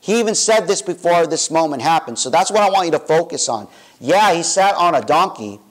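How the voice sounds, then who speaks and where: A man's voice: fairly high pitch, lively intonation, brisk, rough recording. A young adult man preaching as pastor in a church, informal and chatty, with self-corrections and asides. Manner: directs volunteers in a playful way. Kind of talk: sermon. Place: church sanctuary.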